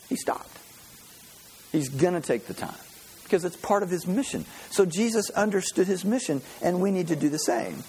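A man preaching a sermon, telling stories with animated energy and acting out the voices. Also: a little high, husky, rough recording. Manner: animated storytelling, acts out voices. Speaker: pastor.

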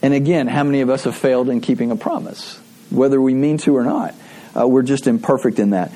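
A man's voice: mid-range voice, quick pace, mellow. A middle-aged man preaching a sermon as pastor, in a conversational, storytelling way.

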